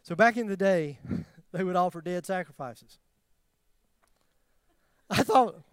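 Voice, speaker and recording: A man preaching a sermon, swinging between loud emphatic questions and near-whispered tenderness, with self-deprecating humor. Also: high-pitched, slow pace, clear, resonant tone, no echo, studio quality. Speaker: pastor.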